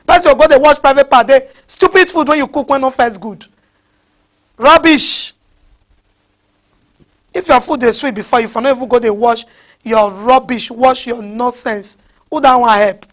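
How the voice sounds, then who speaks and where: High-voiced Nigerian woman preaching fiercely. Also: a little slow, pauses often, a bit bright. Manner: scolding, repeated rhetorical questions. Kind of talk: fiery sermon.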